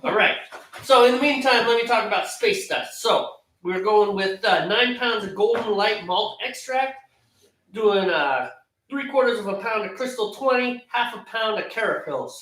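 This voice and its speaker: A man with a bright, high, very animated voice runs through his home brew recipe with exasperated, joking asides. He sounds far from the mic in an echoey room. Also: moderate pace. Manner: animated, exasperated, self-mocking. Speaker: homebrewer co-host of a live stream. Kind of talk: casual ranting chat. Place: home brewing area, computer far away.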